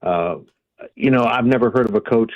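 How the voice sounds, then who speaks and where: A man joining a sports radio show as a guest reporter, answering in a measured way with many pauses. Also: medium pitch, dry recording, dull audio. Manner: measured, many ums and uhs. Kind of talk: radio phone interview.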